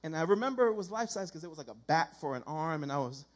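A man preaching a sermon in a conversational, animated storytelling way, acting out the dialogue he quotes. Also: on the high side, quick pace.

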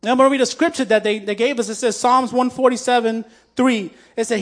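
A man with a strikingly high voice delivers a testimony sermon. He talks in a loose, conversational way, full of fillers and false starts, and stays heartfelt throughout. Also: steady tone, quick pace, hardly any pauses, a bit bright. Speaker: preacher.

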